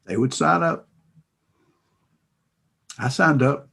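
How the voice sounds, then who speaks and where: A man animatedly retelling a motivational sales story, dropping to a hush and then rising loud. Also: medium pitch, expressive, takes it slowly, slight background noise. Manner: dramatic, shifts between hushed and loud.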